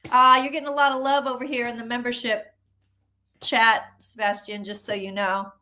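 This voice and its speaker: A woman psychic chatting casually on a tarot livestream, chatty and animated, often acting out what people say. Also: on the high side, moderate pace.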